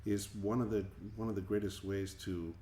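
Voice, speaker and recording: A man's voice: fairly low pitch, fairly even intonation, normal speed, mellow. A man from Colombia, a musician guest, answering interview questions in a thoughtful, earnest way, often repeating words as he searches for them. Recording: echoey room with faint ambient noise.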